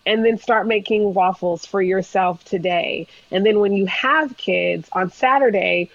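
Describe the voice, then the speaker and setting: A woman chef speaks as a podcast guest and tells stories in a lively, animated way, laughing often. Her voice sits at a middle pitch. It comes through dry and slightly dull, with a lo-fi feel. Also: unhurried, gravelly, dry recording. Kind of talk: casual interview chat.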